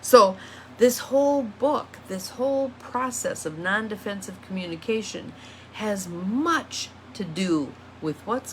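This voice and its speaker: A woman's voice: medium pitch, a bit bright, slight background noise. A woman, an empowerment coach, talking through self-reflection questions in a casual teaching monologue, reading each question aloud and repeating it.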